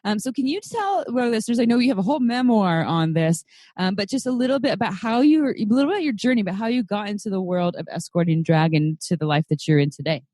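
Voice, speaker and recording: A woman's voice: mid-range voice, expressive, fast, mellow, dry recording. Upbeat woman host in a dry room. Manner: upbeat, friendly introductions. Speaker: podcast host. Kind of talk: podcast hosting, reading a guest bio.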